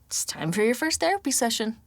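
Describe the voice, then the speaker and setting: A woman's voice: on the high side, big pitch swings, brisk, no echo, voice pushed up. Woman voicing a wisecracking sarcastic healer woman. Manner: wisecracking, breezy, teasing.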